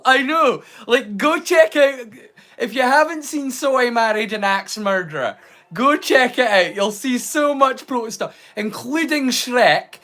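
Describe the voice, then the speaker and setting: A man's voice: extremely high pitch, animated, a little slow, sharp tone. A man hosting a live movie watch-along, rambling casually with jokes and the odd swear word. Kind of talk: casual live-stream chat.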